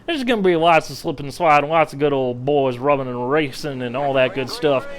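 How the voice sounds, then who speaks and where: Putting on a fake American Southern accent, a man hams it up excitedly as a folksy good-old-boy race commentator with a drawl. His medium-pitched voice is a little fast and lightly acted, and the audio quality is poor.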